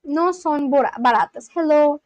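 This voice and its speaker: A high-pitched woman talks casually on a live stream. She thinks aloud and answers questions with restarts. The sound is dry and close. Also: moderate pace, no room sound, muffled recording. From India. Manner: thinks aloud, answers chat questions, repeats practice phrases with many restarts. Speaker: livestreamer learning a language.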